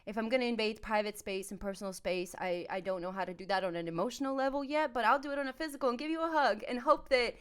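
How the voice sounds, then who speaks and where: A woman hosting a podcast conversation, searching for words in a halting, empathetic way. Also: on the high side, fairly bright tone, clean tone. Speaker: podcast host. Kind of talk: conversational interview.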